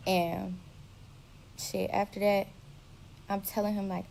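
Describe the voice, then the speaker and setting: A young woman telling her own story in a blunt, profane, animated way. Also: mid-range voice, slow, creaky, pauses often, slight background noise, low-quality recording. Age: young adult. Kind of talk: casual storytelling.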